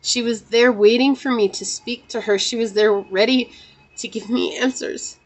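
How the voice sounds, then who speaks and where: A woman's voice: fairly high pitch, fairly even intonation, moderate pace, low-quality recording. Emotional woman sharing a heartfelt talk. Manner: earnest, repeats phrases, often says "you know". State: emotional, near tears. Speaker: tarot channel host. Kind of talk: personal heartfelt talk to viewers.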